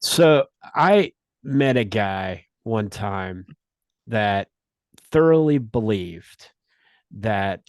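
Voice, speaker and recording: A man with a low voice tells stories on a casual podcast. He talks in an easygoing way, full of restarts and "you know". The sound is dry and close. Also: lively intonation, extremely slow, no room sound. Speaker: podcast guest. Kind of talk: casual chat.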